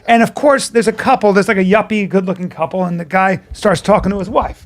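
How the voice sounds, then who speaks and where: A middle-aged man, a podcast co-host telling stories in casual chat, animated and profane, acting out the people in them. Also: sits high, a little fast.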